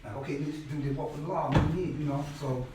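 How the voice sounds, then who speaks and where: A middle-aged man telling stories at a class in a casual, animated way, often acting out what others said and repeating words. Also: fairly high pitch, fast talker, heavy background noise. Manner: animated, acts out quoted people loudly, repeats words. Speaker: guest speaker at a class. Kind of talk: conversational storytelling lecture. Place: indoor classroom space. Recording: very echoey room, mic far off.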